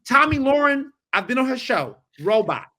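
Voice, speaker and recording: Emphatic high-voiced man. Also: moderate pace. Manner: emphatic, animated, repeats points for effect. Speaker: podcast guest, journalist. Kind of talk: casual chat.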